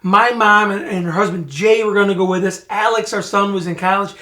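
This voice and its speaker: A middle-aged man from Michigan, co-hosting a podcast, telling a family story in a lively, casual way. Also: high voice, a little fast. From Michigan, USA. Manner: animated storyteller who speeds up and gets loud when retelling scenes. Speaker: podcast co-host.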